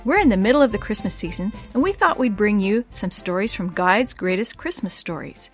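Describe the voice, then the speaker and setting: A woman reading a Christmas story aloud to children, gentle and clear. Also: mid-range voice, expressive, fairly quick, faint music behind.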